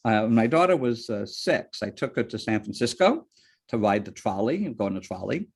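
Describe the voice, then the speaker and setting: Speaking briskly in a slightly rough, mid-range voice, a man lectures board members on ethics. He's a lively storyteller who weaves in personal anecdotes and poses rhetorical questions.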